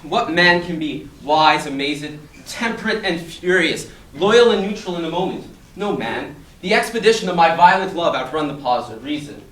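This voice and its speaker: Teen boy, measured school play lines, echoey room. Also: fairly high pitch, expressive, a bit bright. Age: teens. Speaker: student actor as Macbeth. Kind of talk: student stage performance. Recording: echoey room, distant mic.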